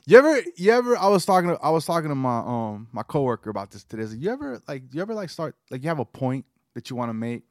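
A man's voice: mid-range voice, sing-song, rapid-fire, hardly any pauses, dry recording, clean studio sound. Rambling, joking male podcast host. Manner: rambling, joking, lots of fillers. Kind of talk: casual podcast chat.

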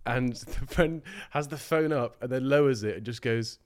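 A man's voice: mid-range voice, moderate pace. A young man telling a rambling story in casual chat, often laughing and restarting his sentences. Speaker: podcast co-host.

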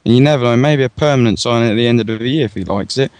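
A man of middle pitch chats on a podcast, joking at his own expense and getting flustered. The sound is close and dry. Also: racing, a little mellow, clear, resonant tone, dry recording. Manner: self-deprecating, easily flustered. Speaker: podcast co-host. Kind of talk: casual fan podcast chat.

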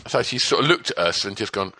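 A man's voice: fairly low pitch, lively intonation, quick pace, pushed and bright. A man casually telling a story about his band days, swearing freely and laughing as he goes. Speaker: storyteller guest, former band member. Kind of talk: casual anecdote.

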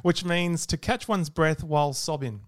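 A man's voice: on the high side, normal speed, dry recording, clean studio sound. A man co-hosting a podcast, teasing his partner and quizzing him. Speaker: podcast co-host. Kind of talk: casual podcast explaining.

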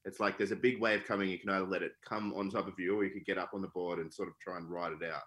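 A man's voice: sits low, steady tone, rapid-fire, a bit bright. A man co-hosting a podcast from away, talking candidly and reflectively. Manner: candid and reflective, with many fillers. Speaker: podcast co-host. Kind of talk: casual podcast chat. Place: away from the studio.

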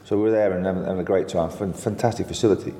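An older man with a lively, anecdotal storytelling manner, recounting old football tales as an interview guest and laughing often. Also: low-pitched, rapid-fire, reverberant, big-room sound.

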